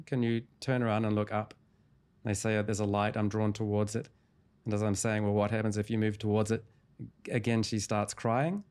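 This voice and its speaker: A man with a fairly low, clean-toned voice guests in an interview as a hypnotherapist. He calmly and steadily retells a client's story, going through each step of the session.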